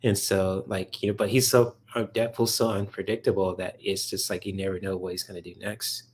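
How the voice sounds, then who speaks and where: The voice is a man's: low-pitched and darkish, with a flat delivery and a slightly fast pace. He hosts a casual livestream, replying to chat questions in a meandering, filler-heavy way and gushing about comics.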